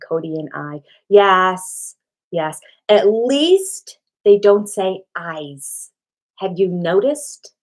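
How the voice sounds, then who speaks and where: An older woman hosting a casual live-stream chat at home, talking with fillers and restarts into a cheap desktop microphone. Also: medium pitch. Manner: chatty, thinks aloud with fillers and restarts. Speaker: channel host answering live chat. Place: home room.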